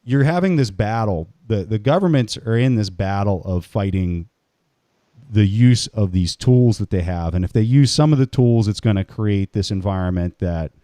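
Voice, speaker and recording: A man's voice: fairly low pitch, lively intonation, moderate pace, warm tone, no room sound, clean studio sound. A man hosting an interview, thinking aloud as he builds long questions. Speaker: interview host.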